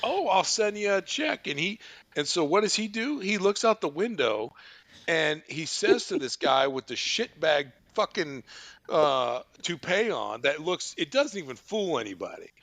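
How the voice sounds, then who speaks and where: Man, podcast host, swearing storyteller, lively ups and downs, dry close sound. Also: a little high, a little slow, creaky, no echo. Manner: animated, swearing, laughing. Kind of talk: profane comic storytelling.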